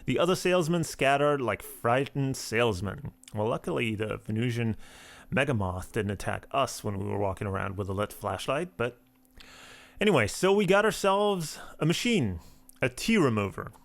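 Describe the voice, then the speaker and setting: A man's voice: mid-range voice, animated, moderate pace, creaky, dry recording. A man hosting a let's play of a text game, reading the game text aloud and adding wry asides.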